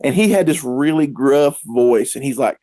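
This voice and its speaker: A podcast guest with a mid-range, dark-toned voice tells casual, rambling stories at a normal speed. He's animated and acts out the quotes in his anecdotes, with no room sound in the recording.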